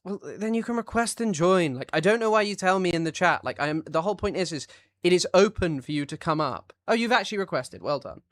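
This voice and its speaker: A man's voice: high voice, lively intonation, fast talker, fairly bright tone, no room sound. A man streaming live, reading out viewer chat and answering it in an offhand, blunt way. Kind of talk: casual livestream chat.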